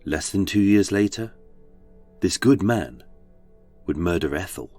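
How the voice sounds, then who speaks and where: A man's voice: deep voice, lively intonation, measured pace, darkish tone, no room sound, soft background music. A man with a British accent, narrating a true-crime podcast in a dramatic, darkly wry storytelling manner. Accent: British English.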